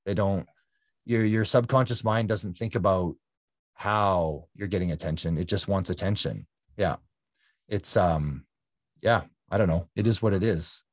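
A man with a fairly low voice recounts his life as a guest, earnest and reflective. He circles back and repeats phrases to press a point. The sound is dry and close, with little room around it. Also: a little slow, no room sound. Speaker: guest, endurance athlete. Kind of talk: reflective conversational storytelling.

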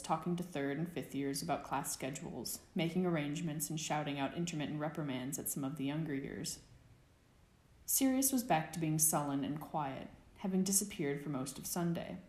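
A woman narrating a fan fiction audiobook with a steady, expressive reading. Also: sits low, roomy sound.

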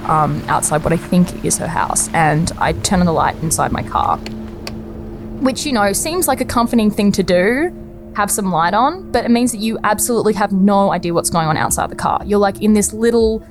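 Chatty young woman storyteller. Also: on the low side. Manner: conversational, chatty, laughs often, many fillers. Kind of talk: personal anecdote storytelling.

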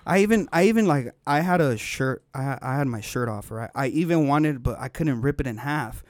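A man on a podcast telling a long story in casual chat, animated and full of slang and swearing. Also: medium pitch, normal speed, dry recording, clean studio sound.

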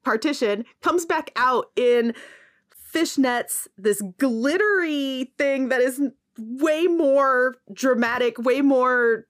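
A woman's voice: high voice, slow. A woman in a casual podcast chat, animatedly retelling a film and acting out quoted lines between laughs.

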